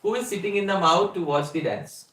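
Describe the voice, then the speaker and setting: Male spiritual teacher, higher-pitched voice, explains and quizzes listeners, distant mic in a reverberant room. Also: fairly quick, fairly bright tone. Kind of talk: scripture lecture.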